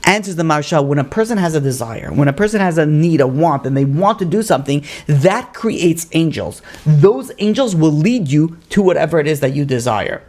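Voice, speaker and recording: A man, a rabbi, teaching a lively Torah class, asking rhetorical questions and acting out story dialogue with Hebrew terms mixed in. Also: a little high, brisk, few pauses. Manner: sprinkles Hebrew and Aramaic learning terms. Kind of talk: lively lecture.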